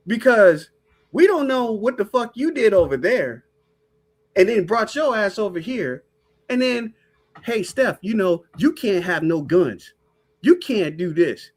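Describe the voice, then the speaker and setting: A woman co-hosting a podcast in casual chat, profane, blunt and animated. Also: mid-range voice, slightly rough. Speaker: podcast co-host.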